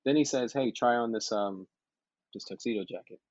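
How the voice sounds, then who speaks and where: A man who is a podcast guest, telling stories in a casual chat, animated and laughing as he acts out the people in them. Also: mid-range voice, moderate pace, no room sound, lo-fi sound. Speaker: podcast guest, model and actor.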